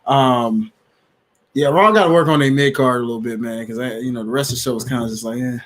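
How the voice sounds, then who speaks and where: A man co-hosting a podcast, talking in an animated, slangy casual chat and quick to laugh. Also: medium pitch. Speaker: podcast co-host.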